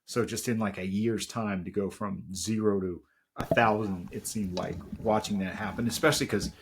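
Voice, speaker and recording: A man's voice: on the low side, steady tone, normal speed, slight background noise. A middle-aged man, a podcast guest, telling heartfelt stories in casual chat with lots of fillers. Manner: reflective and heartfelt, with many fillers.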